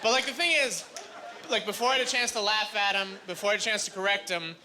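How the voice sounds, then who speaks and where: High-voiced comedian telling rambling stories on stage. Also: male voice, very noisy. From Canada. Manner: rambling self-deprecating storytelling with quick asides. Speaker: stand-up comedian. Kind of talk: stand-up comedy. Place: comedy stage before a live audience. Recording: live club recording with loud crowd.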